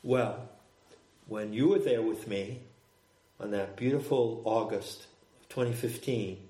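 An older man, a guest on the talk, recounting a spiritual experience in a measured, deliberate way. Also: fairly low pitch, dark tone. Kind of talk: reflective conversational storytelling. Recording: roomy echo.

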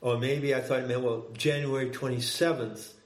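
An older man speaks in a measured, deliberate way as he tells a reflective personal story. His voice sits at an ordinary middle pitch. The room is roomy and echoey around him. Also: steady tone. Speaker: guest, spiritual practitioner. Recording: roomy echo.

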